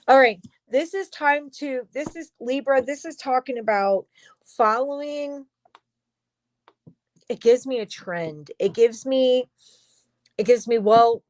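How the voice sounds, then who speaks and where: A woman's voice: on the high side, expressive, takes it slowly, pauses often, dry recording. Tarot reader, young adult woman, emphatic and profane, dry deadened room. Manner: emphatic, swears freely, talks straight to viewers. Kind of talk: livestream tarot reading.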